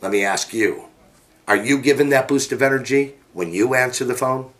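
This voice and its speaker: A middle-aged man, a business coach, telling an energetic, animated motivational story. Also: normal speed. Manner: energetic, animated, jumps pitch to act out quotes.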